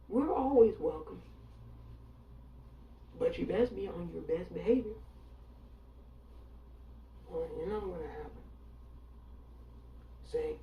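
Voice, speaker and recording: A woman's voice: fairly low pitch, slow pace, long pauses, echoey room, distant mic, dull audio. A woman from Alabama giving an emphatic, sarcastic and defiant monologue, repeating her points for effect. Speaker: online commentator.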